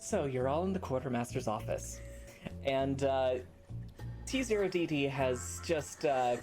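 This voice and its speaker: Guy running a space d&d game, rambly and casual, soft music behind. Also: mid-range voice, a little slow. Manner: relaxed, rambling narration with fillers. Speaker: game master. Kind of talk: narrating a tabletop game.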